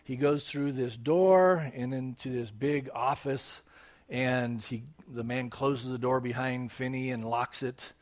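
A man's voice: mid-range voice, steady tone, takes it slowly. A man preaching a sermon, telling a story and acting out the dialogue with animation.

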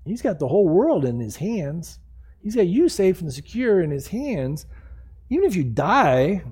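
A man's voice: high voice, big pitch swings, measured pace, darkish tone, husky. A man in his sixties preaching a sermon in a conversational, jokey way, acting out the people he quotes. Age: 60s. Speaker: pastor.

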